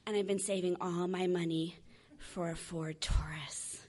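A woman telling a funny personal story, animated and acting out the other people's voices. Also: fairly low pitch, measured pace. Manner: animated, acts out voices, laughs while telling. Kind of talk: comic storytelling.

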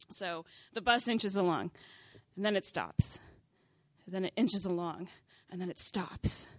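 A young adult woman telling a comic personal story, animated and self-mocking, acting out scenes and laughing often. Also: on the low side, measured pace, dry recording.

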